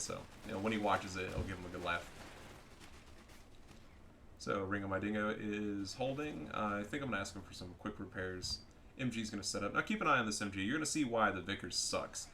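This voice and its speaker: Man, bright forceful voice, excitable, swears a lot, casual game commentary, faint background noise. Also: fairly low pitch, fairly quick. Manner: excitable, profane, gets loud at big moments. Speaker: gaming commentator.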